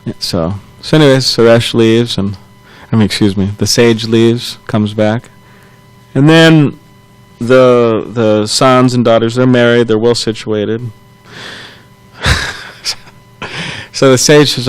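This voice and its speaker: Casting note: a man leading a scripture class at mid pitch, easygoing and halting, chuckling as he retells a story. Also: smooth, dry recording, rough recording. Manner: loose, halting retelling with chuckles and self-corrections. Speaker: temple class speaker.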